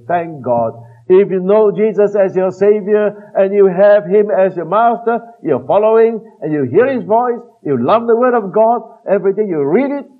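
Male preacher, sermon, earnest, emphatic, slow quoting of verses, fairly high voice, thin lo-fi sound. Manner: earnest, emphatic, slows down to quote scripture, trails off softly at phrase ends. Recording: tinny phone-like band-limited recording.

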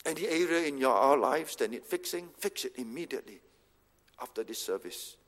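A man's voice: mid-range voice, animated, fairly quick, a bit bright. A man preaching a sermon as pastor, driving points home with short repeated commands. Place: church hall. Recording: reverberant hall.

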